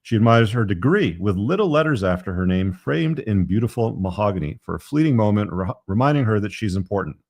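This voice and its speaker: A very low-voiced man hosts a live podcast show, reading passages from his book. He breaks off into rambling, tongue-in-cheek asides full of "um" and "you know". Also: animated, a little fast, hardly any pauses, a little mellow, dry recording, studio quality. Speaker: podcast host.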